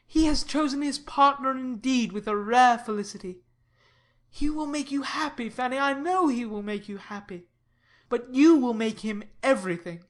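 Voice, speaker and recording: A woman reading an audiobook, giving the lines of an earnest, sober young gentleman in a measured, persuasive way. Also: sits high, natural voice. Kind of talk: audiobook reading of a classic novel.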